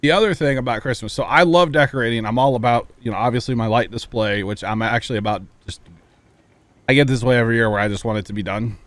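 A man's voice: medium pitch, quick pace, dry recording. A man streaming a game live, chatting casually and thanking viewers, easygoing and reflective. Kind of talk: casual livestream chat.

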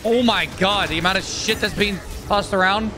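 A man's voice: high voice, normal speed. A young adult man playing a video game and commenting with frustrated, swearing outbursts. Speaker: gaming YouTuber. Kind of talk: let's play commentary.

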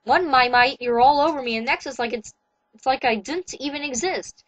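A moody gothic teen girl whines and protests in a high, light voice, read by a woman. Her lines come close and dry. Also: moderate pace, fairly bright tone, no echo, low-quality recording. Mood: angry.

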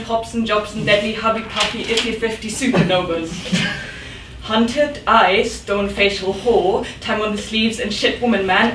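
A woman's voice: mid-range voice, background noise. A woman poet giving a live reading in a rhythmic, dramatic manner with sudden outbursts. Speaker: poet reading her work. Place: event room. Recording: echoey room, mic at a distance.

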